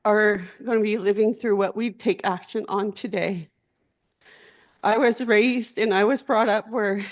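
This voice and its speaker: Emotional woman delegate, high voice. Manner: speaks from the heart, emotional. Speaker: tribal delegate. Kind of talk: impassioned floor speech. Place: large assembly hall.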